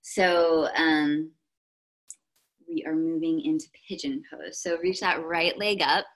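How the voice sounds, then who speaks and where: A young woman with a Texan accent leads a yoga class in a slightly low voice. She gives calm, step-by-step cues for breath and movement. Now and then she breaks in with playful, goofy asides. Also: slow pace, poor audio. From Texas, US. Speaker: yoga instructor.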